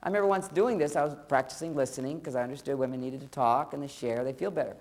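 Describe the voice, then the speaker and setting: A man's voice: medium pitch, fast talker. A middle-aged man giving a humorous seminar talk on relationships, speaking conversationally to his listeners. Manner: animated, acts out spouses' lines in quoted voices; conversational, addresses listeners directly. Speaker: relationship lecturer.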